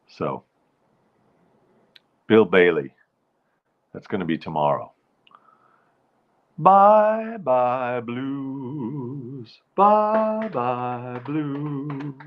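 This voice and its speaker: This nightly live-show host has a low, husky voice, heard through lo-fi sound. He rambles chattily, breaks off his own thoughts, and greets his viewers by name.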